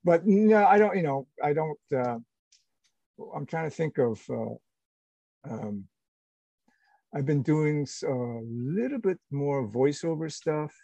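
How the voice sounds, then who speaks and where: A middle-aged man, an actor being interviewed, talking casually and haltingly with many restarts and fillers. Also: a little high, lively intonation, vocal fry, mellow, no room sound, dull audio. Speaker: actor guest.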